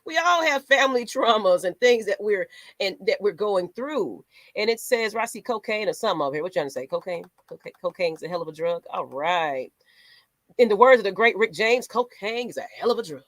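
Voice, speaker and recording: A little fast, with lively intonation in a mid-range voice, she talks with no room sound. As a sports channel host, she gives animated fan commentary, ranting sassily and dramatically with mock voices.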